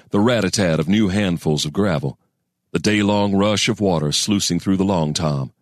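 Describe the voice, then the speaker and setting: Low-voiced man telling a folksy tale. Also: dry recording, clean studio sound. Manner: folksy storyteller cadence with deliberate pauses. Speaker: audiobook narrator. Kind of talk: scripted narration of a western story.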